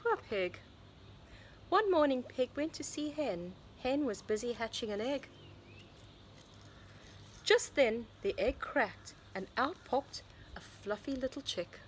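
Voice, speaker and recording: A preschool teacher, a woman, reading a picture book aloud to young children in a sing-song storybook voice with hushed asides. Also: high voice, expressive, takes it slowly, long pauses, slight background noise. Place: home or classroom, recording online lesson.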